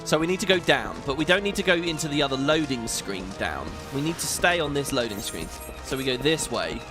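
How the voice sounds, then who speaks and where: A man's voice: fairly high pitch, expressive, a little fast. A man hosting a casual gaming video, chatting and rambling as he plays and sometimes laughs. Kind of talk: casual let's-play commentary. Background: game music.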